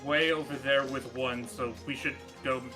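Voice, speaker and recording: A man's voice: medium pitch, fairly even intonation, moderate pace, music in the background. A man playing a tabletop game, eagerly describing in detail how his character attacks. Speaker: player. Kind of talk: casual tabletop play.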